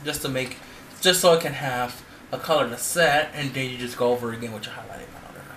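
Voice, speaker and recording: Drag performer man, makeup vlogger; playful chatter, a bright voice, mid pitch, faint hiss behind. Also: fast talker. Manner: chatty and playful, with sassy asides. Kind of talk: casual makeup tutorial.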